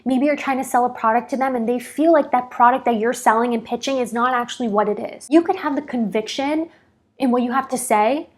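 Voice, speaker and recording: A woman's voice: on the high side, fairly quick. A woman hosting a video, explaining in a casual, direct way to the viewer. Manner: direct, animated, addresses the viewer. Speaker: video host.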